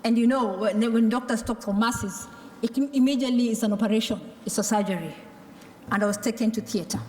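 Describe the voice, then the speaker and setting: In an echoey large conference hall, a Maasai woman from Kenya or Tanzania shares her testimony of living through tuberculosis, re-enacting what the doctors and her mother said. Her voice is medium in pitch and a little mellow.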